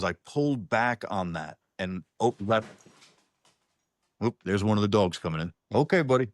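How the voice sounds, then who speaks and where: A man's voice: lowish voice, no echo, studio quality. A man talking as a singer-songwriter guest in a casual online interview, rambling and restarting his sentences, calling the host "brother". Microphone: video call.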